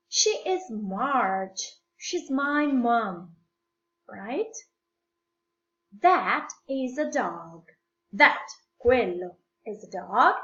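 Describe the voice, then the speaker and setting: A woman English teacher with an Italian accent, explaining grammar slowly and patiently to young learners, repeating phrases and switching into Italian. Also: on the high side, a bit bright. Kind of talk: slow classroom explanation mixing English and Italian. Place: at home. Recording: echoey room, dull lo-fi sound.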